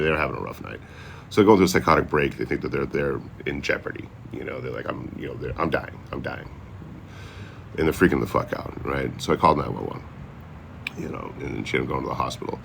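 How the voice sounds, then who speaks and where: A man's voice: extremely low pitch, creaky, a bit bright, slight background noise. A man who travels for social media, telling a long story in a loose, rambling, profane way, acting out what others said. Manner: loose, profane, rambling with many "you know"s. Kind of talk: casual storytelling.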